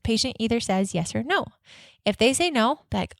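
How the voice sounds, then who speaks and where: An energetic woman coaching dental office staff on a podcast, acting out both sides of patient conversations in a lively, upbeat manner. Her voice sits a little high for a woman. The recording is dry and close, with no room sound. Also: a little fast, gravelly, no echo. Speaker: dental practice consultant and podcast host. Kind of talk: instructional podcast with role-played office dialogue.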